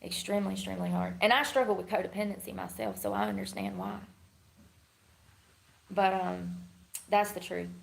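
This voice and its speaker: Woman, live-stream chat, candid, rambling, slangy, gravelly voice. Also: on the low side, expressive, moderate pace, long pauses, poor audio. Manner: laughs often.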